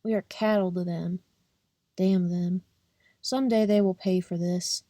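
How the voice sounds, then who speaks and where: A young woman reading a novel aloud in a steady, plain first-person narration. Her voice is mellow and soft-edged. The recording is close and dry, with no room sound. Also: fairly low pitch, a little slow, no echo. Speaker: audiobook reader. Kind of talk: audiobook narration.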